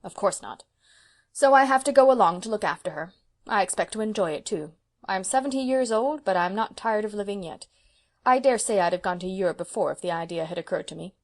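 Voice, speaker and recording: A woman voicing a proud, brisk spinster of seventy, speaking emphatically and sternly. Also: medium pitch, lively intonation, natural voice.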